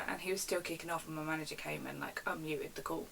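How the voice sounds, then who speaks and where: A young woman rants casually on her vlog, retelling customer service stories in a chatty, animated way from her bedroom at home. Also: on the low side, very fast, gravelly, hardly any pauses, far from the mic, a little hiss or hum, poor audio. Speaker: vlogger. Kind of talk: casual storytime rant.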